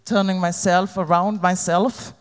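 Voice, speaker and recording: A woman giving a candid, halting personal testimony about her recovery to an audience. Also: fairly low pitch, fairly even intonation, clear, resonant tone. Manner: halting, candid, plain-spoken. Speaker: recovering addict sharing her story. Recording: long hall reverb.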